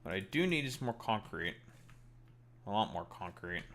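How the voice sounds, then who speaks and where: A man's voice: fairly low pitch, very animated, moderate pace, fairly bright tone, a little hiss or hum. A man streaming a game live, talking casually and ranting profanely at his chat.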